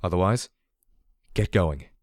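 A man's voice: lowish voice, expressive, normal speed, darkish tone, no room sound, studio quality, close to an everyday voice. A man voicing an earnest, anguished male pony companion who speaks in a strained, pleading way. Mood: firm. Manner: strained, pleading then firm.

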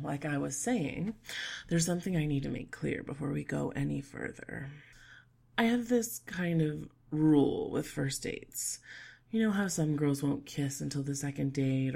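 A young woman in a whispered role-play who speaks in a teasing, playful and bossy way, slipping between hushed whispers and soft murmurs. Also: sits low, gravelly, slightly rough. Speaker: audio role-play performer.

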